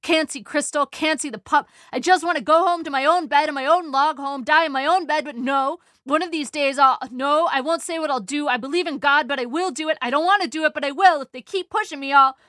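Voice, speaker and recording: A woman's voice: high-pitched, brisk, hardly any pauses, a bit bright, no echo, clean studio sound, pitched above the performer's own voice. A woman reading an audiobook voices an agitated elderly father who rants defiantly about being kept from home. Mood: agitated ranting. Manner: pleading, defiant rant.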